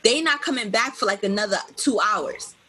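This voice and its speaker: A woman's voice: mid-range voice, expressive, normal speed, sharp tone, slightly rough, low-quality recording. A woman from New York co-hosting a podcast, telling a story in casual chat, swearing often and acting out the other people in it. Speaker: podcast co-host.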